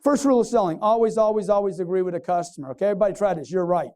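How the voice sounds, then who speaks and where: Guy running a sales seminar, high but mellow voice, keeps quizzing the crowd. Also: racing. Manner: punchy, quizzes the crowd, acts out customers. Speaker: sales trainer. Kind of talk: motivational sales seminar talk. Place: stage before a live audience.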